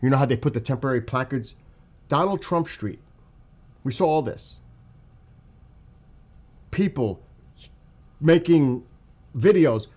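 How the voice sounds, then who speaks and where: Furious man ranting with swinging pitch. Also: lively intonation, a little slow, pauses often, a little mellow. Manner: furious, profane, repeats himself for emphasis. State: upset and livid. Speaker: commentary channel host. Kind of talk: angry political rant to camera.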